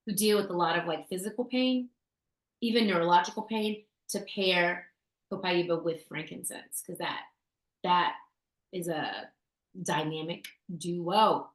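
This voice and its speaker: A fairly low-pitched, unhurried woman co-hosts a casual talk show, swapping essential oil tips. Her storytelling is chatty, with fillers and restarts, and there's a roomy echo on the audio.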